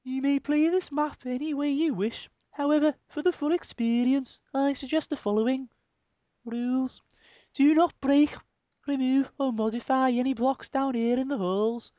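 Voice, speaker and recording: A man reading game signs aloud in a put-on, hybrid Brummie and Liverpool accent, slow and theatrical. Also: very high voice, steady tone, warm tone, no room sound, pitched above the performer's own voice.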